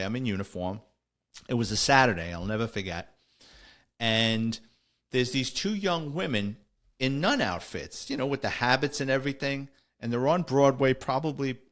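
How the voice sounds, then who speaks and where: A man's voice: medium pitch, fairly bright tone. A middle-aged man, a former police officer telling a story in a wry, conversational way on a podcast. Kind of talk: casual storytelling.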